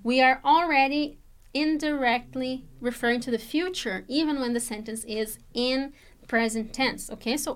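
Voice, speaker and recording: A woman's voice: high-pitched, moderate pace, clear, resonant tone. A woman teaching English, patiently explaining grammar and often checking in with her students. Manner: patient, explanatory, checks understanding with okay and all right. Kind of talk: online English lesson.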